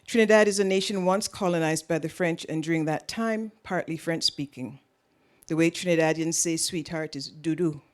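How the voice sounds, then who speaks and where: A woman from Jamaica with a Caribbean accent softened by years in Canada, giving a prepared lecture at a public event in a measured, deliberate way. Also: deep voice. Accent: Caribbean, tempered by years in Canada. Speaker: author giving a keynote talk.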